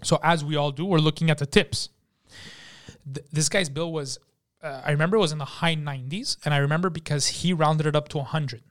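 Animated, higher-pitched man telling a story. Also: brisk. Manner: animated, profane, acts out the people in his story. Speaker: podcast guest. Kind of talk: casual storytelling. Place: podcast studio.

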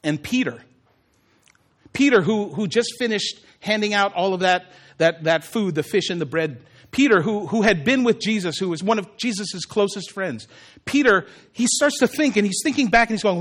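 A male pastor preaching a sermon with animated, humorous storytelling. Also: high-pitched, moderate pace.

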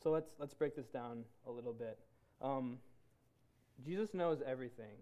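A man leading a Bible study for men, talking in an earnest, halting way with many restarts. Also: mid-range voice, dark tone. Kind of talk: casual sermon to a men's group.

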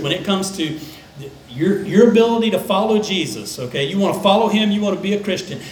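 An older man, a pastor, preaching a conversational sermon that dips into soft, low tones for emphasis. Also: reverberant, a little hiss or hum, rough recording. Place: church sanctuary.

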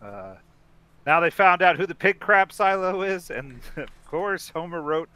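Bright-voiced man, laughing podcast host. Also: fairly high pitch, lively intonation, a little slow, clean tone. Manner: laughs often, rambling with restarts. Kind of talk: casual chat recapping a film.

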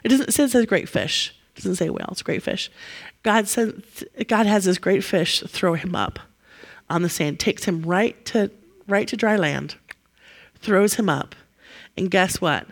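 Preaching a sermon, a woman tells the story in an animated way, acting out its characters and laughing as she goes. Her medium-pitched voice moves a little slowly.

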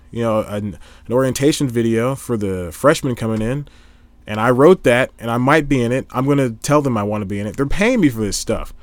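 A man's voice: mid-range voice, dry recording. A young man in casual solo talk, rambling and correcting himself, recorded on a laptop microphone at home. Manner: rambling, self-correcting, chatty. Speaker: vlogger.

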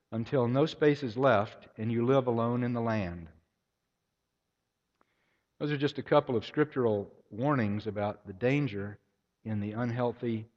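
Man preaching in an echoey hall. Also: medium pitch. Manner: storytelling, acts out voices in anecdotes. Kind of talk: sermon. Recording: echoey hall, dull lo-fi sound.

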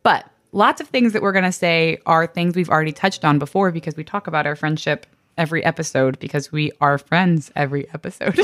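A bubbly woman in her twenties chats as a podcast co-host, her lowish voice swinging up and down a lot. She giggles and keeps things loose and casual. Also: a bit bright. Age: 20s. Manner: giggly, bouncy, laughs often. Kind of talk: casual chat. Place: home, weed whacker outside.

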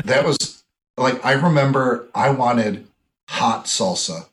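A man's voice: mid-range voice, slow pace, a bit bright. A man from Wisconsin with a mild Wisconsin accent, telling rambling stories full of fillers in casual podcast chat. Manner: rambling storyteller, many fillers. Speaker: podcast co-host.

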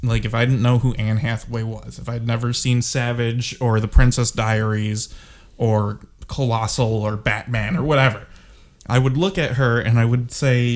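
A man talking casually about a film he just watched, sarcastic and worked up, piling on complaints. His voice sits at an ordinary middle pitch for a man. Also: normal speed. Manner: sarcastic, ranting, exasperated. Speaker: co-host discussing a movie. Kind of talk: casual chat.

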